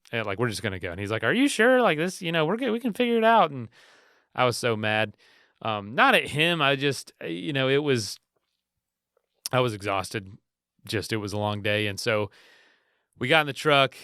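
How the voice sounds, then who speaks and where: A man in his thirties hosting a podcast, telling stories in a relaxed, rambling way with frequent restarts. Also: medium pitch, clear, resonant tone, dry recording, studio quality. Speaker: podcast host. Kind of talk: casual storytelling monologue.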